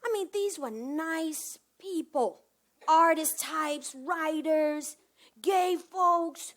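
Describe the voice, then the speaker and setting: A woman performing a comic one-woman stage monologue, animated, swinging from hushed asides to loud bursts. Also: sits high, very slow.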